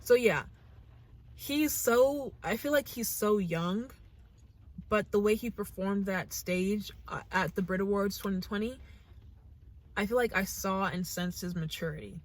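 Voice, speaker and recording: A young woman from the United States hosts a reaction channel, speaking to camera in a casual, earnest, gushing manner and thinking out loud with restarts. Her mid-range voice moves a little slowly.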